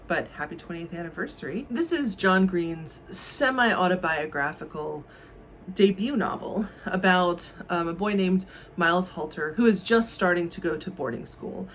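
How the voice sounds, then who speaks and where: Wry, low-voiced woman hosting a book talk. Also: slight background noise. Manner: wry, conversational, lightly sarcastic. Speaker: book channel host. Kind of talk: casual book talk and reading aloud.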